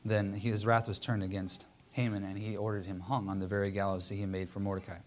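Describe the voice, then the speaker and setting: A man's voice: on the low side, flat delivery, fast, a little hiss or hum. A man reading scripture aloud and then retelling it casually as a preacher, with frequent fillers and restarts.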